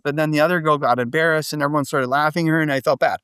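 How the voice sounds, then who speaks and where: A man with a slightly higher voice, talking casually as a podcast guest. He tells stories in a loose, animated way, full of asides and quick questions. The sound is dry and close to the mic. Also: smooth, dry recording. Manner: animated storytelling, frequent "like" and "right?". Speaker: podcast guest, business coach. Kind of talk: casual interview talk.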